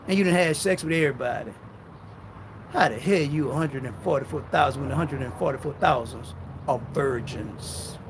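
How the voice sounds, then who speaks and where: A man with a notably high voice preaches a fiery, confrontational sermon. He keeps firing rhetorical questions at his audience. He slows right down to read scripture with force. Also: a little hiss or hum. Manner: reads scripture slowly and forcefully. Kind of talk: live-streamed street-style sermon.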